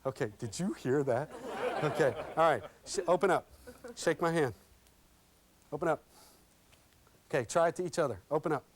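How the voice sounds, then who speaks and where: Animated man coaching a workshop. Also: a little high, normal speed, long pauses, a little hiss or hum. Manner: lively and interactive, checks in with "okay?" constantly; folksy and animated, acts out examples. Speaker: interview skills workshop trainer. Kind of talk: live workshop talk with role-play demonstrations.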